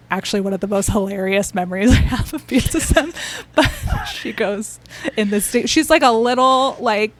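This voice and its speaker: A woman who works as a therapist, a podcast guest telling her story in a casual, chatty way with lots of fillers and restarts. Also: mid-range voice.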